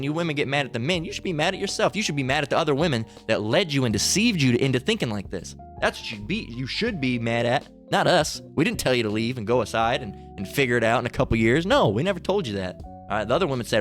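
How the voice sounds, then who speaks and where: A man's voice: medium pitch, lively intonation, fast talker, soft background music. A man preaching heatedly, stumbling and restarting often as he builds to fiery peaks. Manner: fiery, repetitive, with many restarts.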